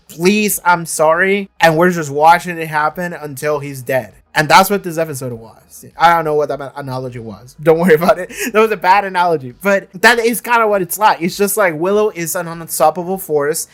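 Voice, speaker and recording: A man's voice: fairly high pitch, fairly bright tone. A man casually reviewing a TV episode he just watched, rambling with many restarts and swearing freely. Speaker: reaction channel host.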